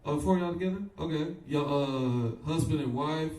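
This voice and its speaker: A man's voice: on the high side, normal speed, a little mellow. A young man from Fort Wayne doing a loose, profane live stand-up set, working the crowd and laughing at his own jokes. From Fort Wayne, Indiana. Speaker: stand-up comedian. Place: comedy club stage. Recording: echoey club recorded from a distance.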